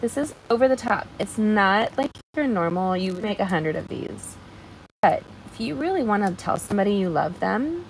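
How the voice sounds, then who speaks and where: A woman's voice: medium pitch, lively intonation, normal speed, slight background noise, rough recording. A woman hosting a live card-making stream, chatting in a bubbly way straight to her viewers as she demonstrates. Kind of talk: casual live craft demonstration.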